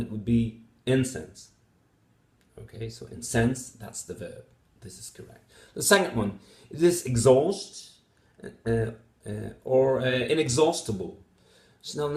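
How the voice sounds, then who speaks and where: A man with Dutch as his first language, explaining test answers as a phonetics teacher, methodical, with many fillers and repeated example words. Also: mid-range voice. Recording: echoey room.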